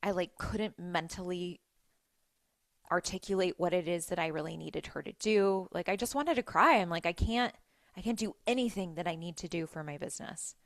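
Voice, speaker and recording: Chatty woman podcaster, lowish voice. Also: moderate pace, no echo, studio quality. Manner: chatty, animated, lots of "like"s, laughs often. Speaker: podcast host. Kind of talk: casual solo storytelling.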